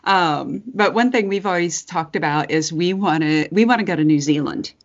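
Husky, hoarse-voiced woman podcast host. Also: fairly low pitch, normal speed. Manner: laughs often, swears freely. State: hoarse, husky from screaming voice work. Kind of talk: casual chat. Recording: dull lo-fi podcast audio.

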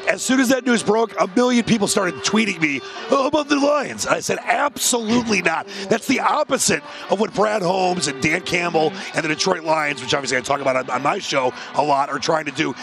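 Guy talking sports bets fast, high raspy voice, keeps restarting, emphatic. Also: over music. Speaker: sports radio co-host. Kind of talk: sports betting chat.

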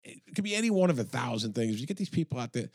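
A man talks bluntly, like the police officer he was, his pitch bouncing up and down in lively swings. He sounds close and dry, with no room around him. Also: fast talker, no room sound. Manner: blunt, animated storytelling. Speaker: retired police officer, guest. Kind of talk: casual podcast chat.

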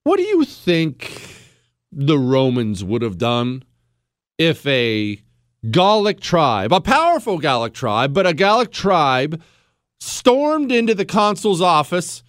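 Man, talk radio host, sarcastic, theatrical, lively pitch, dry studio mic. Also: takes it slowly, dry recording. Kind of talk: political talk radio monologue.

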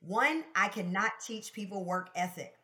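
Expressive, emphatic woman guest. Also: mid-range voice, measured pace. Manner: expressive, emphatic, laughs often, lively storytelling. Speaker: podcast guest, sales consultant. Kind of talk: casual interview conversation.

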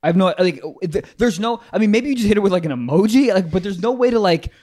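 Young male podcast host, higher voice, very lively pitch, animated storyteller. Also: fast talker. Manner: animated, swoops high when quoting people. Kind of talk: casual chat.

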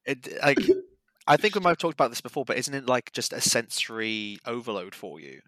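Chatty man, bright voice. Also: mid-range voice, very animated, brisk, dry recording. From England. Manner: rambling, filler-heavy, drifts between accents. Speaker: podcast guest. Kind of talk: casual chat.

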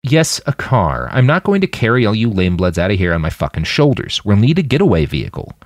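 A man's voice: on the low side, sing-song, fairly quick, no echo, clean studio sound. A man voicing a brash, cheerful, crude post-human fighter who barks orders flippantly. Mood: impatient.

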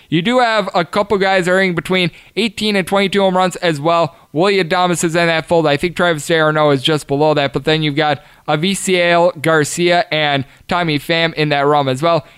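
A man hosts a sports betting show, firing off statistics and odds at speed with emphatic punches. His voice sits a bit high for a man, smooth and clear, recorded dry and close with no room sound. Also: a bit bright, no room sound. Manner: rattles off stats quickly, emphatic. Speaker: sports betting podcast host. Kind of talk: fast scripted-style sports betting analysis.

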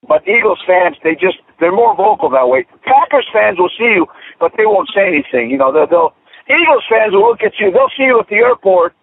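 A former football player in his fifties tells animated stories, stumbling and restarting as he goes. His voice sits fairly high with a gravelly edge. The audio is thin and tinny, like a radio phone line. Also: no echo. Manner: animated, many restarts and fillers. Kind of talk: casual radio interview storytelling.

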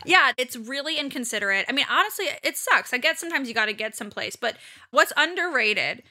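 A young woman co-hosting a podcast in casual chat, animated and rambling, swearing often. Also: high-pitched, quick pace. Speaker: podcast co-host.

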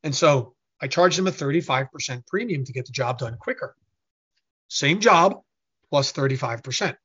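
Man, interview guest, storytelling, animated, bright voice, slightly muffled audio. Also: medium pitch, normal speed, husky. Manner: animated, acts out quoted voices. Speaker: interview guest, business owner.

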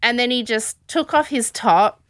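Bright-voiced chatty woman. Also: fairly high pitch, unhurried, no echo, studio quality. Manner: animated, chatty storytelling with frequent laughs. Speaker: podcast host. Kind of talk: casual chat recapping a show.

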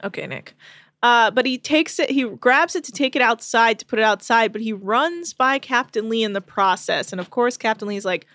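A woman's voice: a little high, fairly bright tone, dry recording. Woman, podcast host, casual recap, chatty, filler-heavy, dry close mic. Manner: chatty, rapid storytelling with many fillers.

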